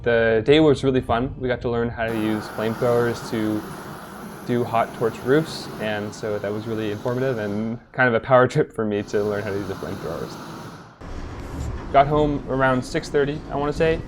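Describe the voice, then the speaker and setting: A man's voice: medium pitch, moderate pace, background noise. Chatty young man narrating his week. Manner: relaxed, chatty, light chuckles. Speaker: vlogger, triathlete. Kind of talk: casual voice-over narration.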